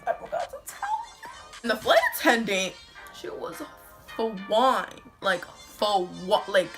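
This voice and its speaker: A woman telling a storytime vlog in an animated, profane, slangy way. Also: mid-range voice, a little slow, soft background music. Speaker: vlogger.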